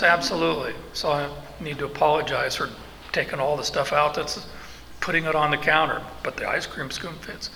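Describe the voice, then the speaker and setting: Bright-voiced preacher in a reverberant hall. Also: male voice, fairly high pitch, vocal fry. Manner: slow, emphatic, with asides and restarts. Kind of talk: expository sermon. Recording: long hall reverb, faint background noise.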